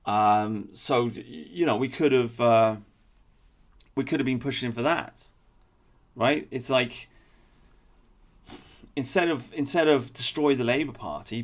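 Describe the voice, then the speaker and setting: A man's voice: mid-range voice, unhurried, gravelly, pauses often. A man delivering a blunt, opinionated political commentary monologue with sarcastic asides. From England.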